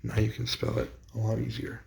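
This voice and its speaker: A man's voice: fairly low pitch, monotone, a little fast, gravelly, darkish tone. A man explaining a classroom teaching strategy in a plain, practical way. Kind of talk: instructional explainer.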